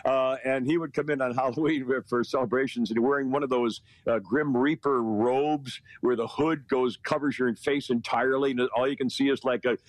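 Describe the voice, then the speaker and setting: A man's voice: medium pitch, fairly even intonation, normal speed, few pauses, dry recording, rough recording. An older man chatting from home as a weekly radio guest, rambling and folksy with frequent chuckles. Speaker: regular weekly guest on a morning talk radio show. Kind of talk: casual radio chat.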